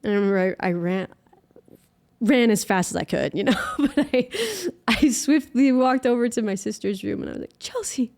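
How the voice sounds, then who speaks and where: A woman's voice: mid-range voice, darkish tone. Earnest young woman telling a faith story. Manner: earnest, emotional, halting with many fillers. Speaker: guest musician. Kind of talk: personal faith story in an interview.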